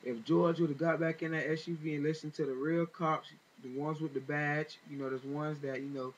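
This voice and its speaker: Guy ranting in a vlog, kinda high voice, lots of uh and you know, muffled lo-fi sound. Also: steady tone, fairly quick. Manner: rambling retelling with many fillers and restarts, indignant. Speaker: vlogger. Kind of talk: casual spoken commentary.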